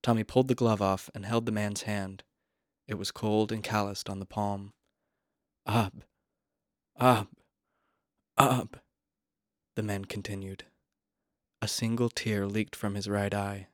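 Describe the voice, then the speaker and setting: A man narrating a literary short story in a measured, quiet, even manner. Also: on the low side, no room sound, studio quality.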